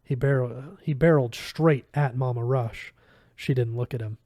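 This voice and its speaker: A man reads a novel aloud, narrating in the first person at a steady pace. His voice is mellow and relaxed. The recording is dry and close. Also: medium pitch, normal speed, no room sound. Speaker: reader.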